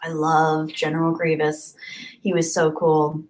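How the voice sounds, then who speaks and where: A woman's voice: sits low, monotone, unhurried, a little mellow. Chatty woman reading her livestream chat. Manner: chatty, reads out viewer comments and answers them. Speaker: YouTuber hosting a livestream.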